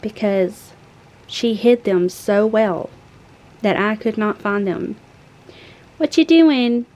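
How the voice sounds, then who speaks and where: Slow-talking woman vlogger. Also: fairly even intonation, a little mellow, poor audio. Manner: talks to pets in a high sing-song voice. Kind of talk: casual chat to her cats and viewers. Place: home room with pets.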